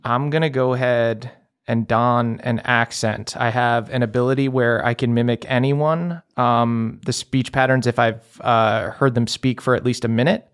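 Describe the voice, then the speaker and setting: A man's voice: mid-range voice, steady tone, moderate pace, smooth. A man playing a tabletop game, thinking aloud in a hesitant way. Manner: thoughtful, hesitant, with many fillers. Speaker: player.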